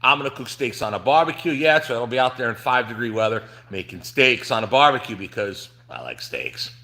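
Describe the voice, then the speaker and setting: A middle-aged man from New Jersey hosts a casual trucking livestream from his shop. His voice is bright and forceful at an ordinary pitch. He rambles, restarts sentences and fills pauses with ums and uhs. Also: expressive, creaky. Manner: rambling, chatty, frequent fillers and restarts. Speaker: trucking channel host.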